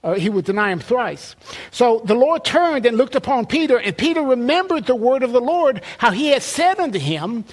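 Male preacher with a very high voice, conversational sermon delivery, stumbles and repeats words. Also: big pitch swings, moderate pace.

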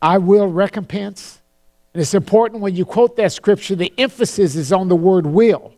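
High-pitched yet dark in tone, a man earnestly preaches, easing his pace to quote scripture with solemnity. He tends to repeat words when beginning a phrase.

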